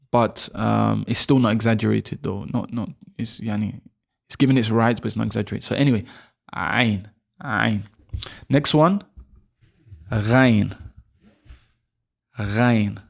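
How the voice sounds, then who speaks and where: Man, gravelly voice, casual Arabic lesson, drawn-out repeated throat sounds, chatty and self-correcting. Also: fairly low pitch. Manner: demonstrates throat sounds with exaggerated repetition. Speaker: Arabic teacher.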